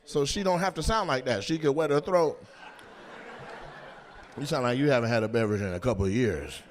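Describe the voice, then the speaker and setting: A man doing loud, teasing crowd work as a stand-up comedian on a comedy club stage, with a handheld mic. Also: medium pitch, slight background noise. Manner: loud, teasing, quick-jumping between voices.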